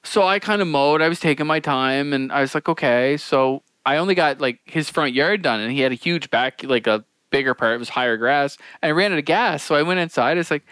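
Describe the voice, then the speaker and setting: A man's voice: a little high, a little fast, few pauses, a bit bright, smooth, no echo. A man co-hosting a podcast, telling long rambling stories and laughing through them in casual chat. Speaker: podcast co-host.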